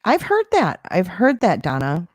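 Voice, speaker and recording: A woman with a lowish voice that swings up and down a lot, hosting a casual livestream and replying to viewers. She talks in a sarcastic, defensive way, and her voice sounds dry and close with no room echo. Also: wildly swooping pitch, a little slow, husky. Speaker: livestream host. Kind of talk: casual livestream chat reading comments.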